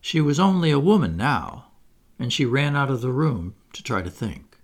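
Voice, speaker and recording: A man narrating a classic storybook aloud in an expressive reading voice. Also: medium pitch, normal speed. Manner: expressive, wide-ranging. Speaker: audiobook narrator.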